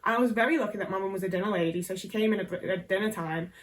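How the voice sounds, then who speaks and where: A woman's voice: medium pitch, very fast, recorded from a distance, a little hiss or hum, low-quality recording. A young English woman vlogger telling a personal story to camera, candid and sweary, with lots of "like".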